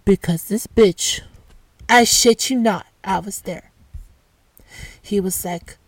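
A woman telling a casual storytime rant, animated, swearing, full of restarts and asides. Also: mid-range voice, slow, no room sound.

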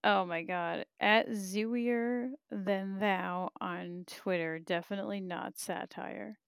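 A woman's voice: medium pitch, steady tone, takes it slowly, gravelly, clear, resonant tone, dry recording, studio quality. A woman hosting a podcast live, chatting casually and candidly, reading viewer comments with frequent laughs and profanity. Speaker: podcast host.

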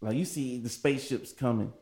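A man's voice: medium pitch, brisk, dark tone. Male host, easygoing mid-range voice, rambles and keeps pushing the question. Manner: loose, rambling, pushes the question. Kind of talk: casual group chat.

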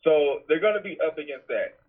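A man, the podcast's business manager, talking in a measured, explaining way in casual chat. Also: fairly high pitch, lively intonation, narrow, tinny audio.

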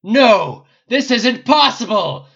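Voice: mid-range voice, big pitch swings, slow pace, gravelly, a bit bright, voice pushed up, full character voice. A reader voicing a gloating male dragon boss in a game simulation, who bellows theatrical threats in a dull lo-fi recording. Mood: gloating rage.

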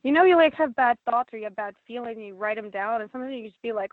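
A woman who writes lyrics for her band and sings talks casually in an interview, blunt, swearing freely and leaning on lots of fillers. Her fairly high voice comes rapid-fire with hardly any pauses, over a tinny, phone-like, dry line.

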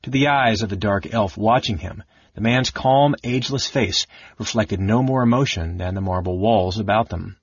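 A man reading a fantasy novel aloud as narrator, in an even, measured way. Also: lowish voice, husky, no echo, highs cut off. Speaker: audiobook narrator.

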